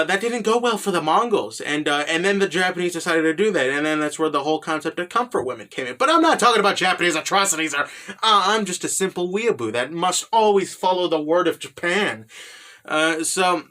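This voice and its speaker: A man's voice: high-pitched, expressive, fairly quick, bright, forceful tone. A man giving a rambling, profane, casual recap of an anime, filled with "you know" and "right?".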